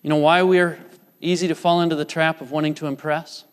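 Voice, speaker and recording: A man's voice: fairly high pitch, level tone, fairly quick, smooth. A man preaching a sermon earnestly, putting repeated questions to his congregation in a church. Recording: church hall reverb.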